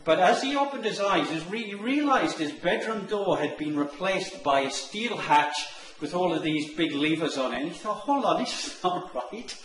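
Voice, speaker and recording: A man telling a long comic anecdote, animated and acting out the characters' lines. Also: normal speed, few pauses. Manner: animated, acts out the characters' lines in higher voices. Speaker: online marketing presenter. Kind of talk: storytelling anecdote. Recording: echoey room with faint noise.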